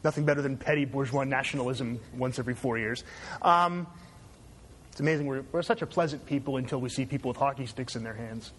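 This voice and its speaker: A man's voice: medium pitch, fast talker, fairly bright tone, slight background noise. A man from Canada giving a conversational university lecture, digressive and checking in with "right?".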